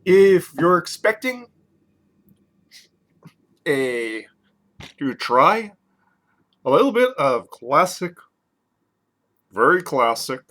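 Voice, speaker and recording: Tipsy guy wrapping up a booze review, rambly and loud then quiet. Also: a little high, big pitch swings, extremely slow, pauses often. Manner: loose, rambling, swinging loud and soft. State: drunk. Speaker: liquor reviewer. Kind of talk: casual review vlog.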